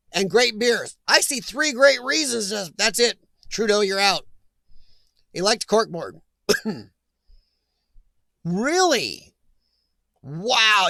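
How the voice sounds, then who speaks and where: Gravelly high-voiced chatty man. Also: sharp tone, no room sound. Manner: rambling, jokey, reacts to chat comments. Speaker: host of a live chat stream. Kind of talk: casual live-stream chat.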